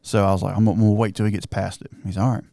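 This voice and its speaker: A man telling a hunting story on a podcast, excited and animated, acting out what everyone said. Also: on the low side, racing, creaky, no room sound, clean studio sound. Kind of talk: casual storytelling chat.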